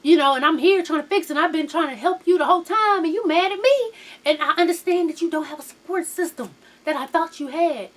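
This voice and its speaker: A woman's voice: extremely high pitch, a little fast. A woman recapping a reality show in a casual, sassy, profane gossip style, acting out the people in her story.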